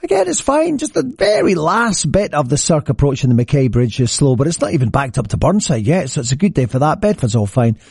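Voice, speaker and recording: An upbeat man runs a morning radio show, chatting through traffic and a story. His voice sits on the high side and sounds close and dry, with no room behind it. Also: huge pitch swings, fairly quick, gravelly, hardly any pauses, darkish tone, husky, dry recording. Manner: upbeat, chatty, jumps around in pitch. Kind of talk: casual radio chat. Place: radio studio.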